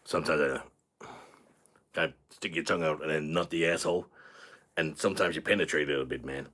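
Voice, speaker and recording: A man's voice: rumbling low, fairly even intonation, a little fast, a bit bright. British man doing a crude swaggering American guy. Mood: boastful. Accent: put-on American. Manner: vulgar, swaggering, ends lines with "man". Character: crude cocky American man who insults Brits. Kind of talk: live-stream character bit.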